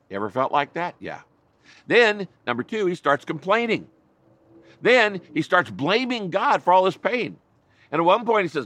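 A man's voice: high-pitched, big pitch swings, normal speed, fairly bright tone, no room sound. A male pastor preaching a sermon in an earnest, emphatic way, with frequent repetition and small restarts.

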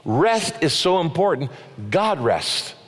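A pastor preaching a sermon in an earnest, emphatic way, asking rhetorical questions. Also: male voice, fairly high pitch, sing-song, slow pace, fairly bright tone, long reverb tail.

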